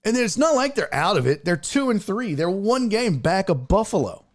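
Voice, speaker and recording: A man's voice: high voice, sing-song, moderate pace. A man hosting a live-streamed sports talk show, ranting with lots of profanity and answering viewer chat.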